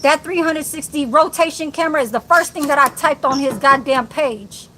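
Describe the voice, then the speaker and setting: A woman's voice: high voice, moderate pace, bright, forceful tone, slight background noise. A woman ranting angrily on her live stream, cursing and calling out someone directly. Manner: profane, combative, addresses viewer directly. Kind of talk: angry live-stream rant.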